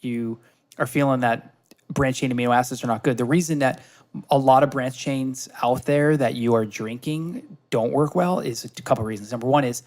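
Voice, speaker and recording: A man from Canada, guesting on a podcast, casually pitches the supplement company he runs. His medium-pitched voice is a little mellow and moderately paced, and his eager explanations are full of fillers and restarts.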